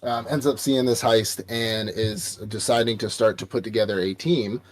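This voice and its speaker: A man's voice: lowish voice, steady tone, normal speed. A man casually recapping an anime on a podcast, rambling and profane, acting out quotes from the characters. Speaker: podcast co-host. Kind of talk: casual anime review chat.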